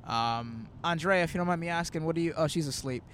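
A man's voice: a little high, fast talker, a bit bright, a little hiss or hum. A man in his twenties, a comedian hosting a casual road-trip chat, telling rambling stories full of quoted asides. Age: 20s. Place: in a moving car.

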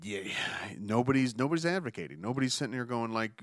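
A man's voice: mid-range voice, very animated, a little fast, dry recording, clean studio sound. A man hosting a solo podcast, reading news and ranting about it in a profane, exasperated way, often restarting his sentences. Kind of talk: casual news commentary.

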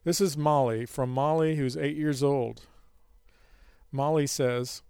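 A man's voice: mid-range voice, steady tone, takes it slowly, gravelly, warm tone, clean tone, no echo, clean studio sound. A man hosting a podcast, talking casually with many fillers and a self-mocking humor, then leading a Bible study. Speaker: podcast host.

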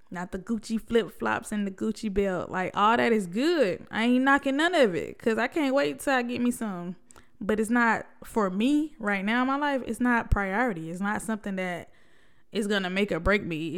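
A woman's voice: medium pitch, smooth. A young adult woman hosts a solo podcast, talking in a conversational, reflective way full of rhetorical questions. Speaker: podcast host.

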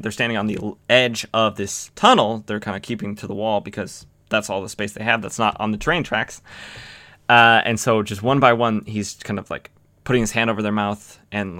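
A man with a bright, forceful voice recaps a comic issue in an easy, rambling way, full of fillers and restarts. His pitch sits a bit low, and the sound is dry and close. Now and then he slips into quick acted-out lines. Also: no echo. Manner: rambling, many fillers and restarts, acts out quotes. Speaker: comic book podcast host.

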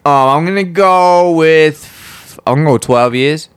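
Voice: mid-range voice, measured pace, smooth. A podcast co-host in a casual comedic chat, laughing often and swearing freely. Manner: crude, laughs often, profane.

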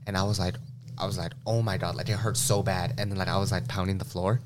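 A man's voice: low voice, steady tone, fast. A young man casually telling a long personal story on a podcast, talking loosely with lots of "like". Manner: loose and slangy, heavy use of "like". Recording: noisy room recording.

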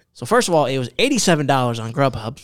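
A man's voice: mid-range voice, very animated, fairly quick. A man in his twenties in casual chat, telling a story with lots of swearing and slang. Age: 20s.

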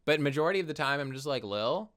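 Young dude podcasting, bright smooth voice, super expressive, goofy high voices for quotes. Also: male voice, fast. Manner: expressive, swings into high playful voices when quoting. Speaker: podcast co-host. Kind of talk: casual podcast chat.

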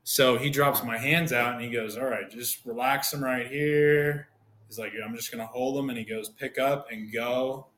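On a podcast, a man in his thirties who used to pitch professionally tells casual stories in a mid-range voice at normal speed, with slight background noise. He animatedly voices the quoted dialogue of others.

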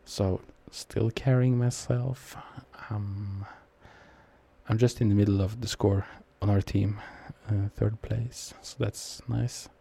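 A man's voice: fairly low pitch, fairly even intonation, slow pace, gravelly, dark tone, breathy edge. A young man with a Norwegian accent giving casual, rambling, self-mocking commentary while he plays a shooter. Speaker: gamer commenting on his match.

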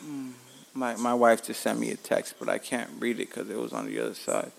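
A man's voice: mid-range voice, fairly quick, creaky, a little hiss or hum. A man hosting his own podcast from home, telling stories casually and animatedly with plenty of swearing. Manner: animated, profane, laughs at himself. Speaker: podcast host.

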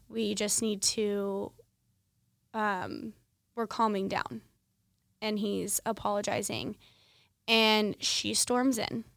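A young woman hosts a podcast, talking through her own story in a candid, conversational way, full of fillers. Her voice sits in the middle of the usual pitch range for a woman. The recording is dry and close, with no room echo. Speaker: podcast host. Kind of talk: personal storytelling monologue.

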